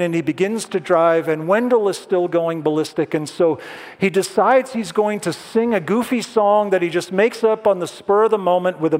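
Man preaching in a reverberant hall. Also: sits high. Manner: storytelling, drops to soft hushed tones for emphasis. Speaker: pastor. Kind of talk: sermon.

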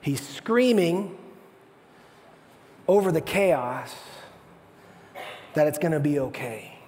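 Brief: man pastor, bright high voice, dramatic sermon delivery, long hall reverb. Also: slow pace, pauses often, slight background noise. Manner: animated storytelling, dramatic swings from hushed to loud.

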